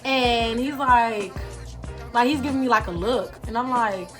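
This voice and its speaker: Animated high-voiced young woman vlogger. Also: unhurried, over music. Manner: animated, slangy, talks to viewers directly. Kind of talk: storytime vlog.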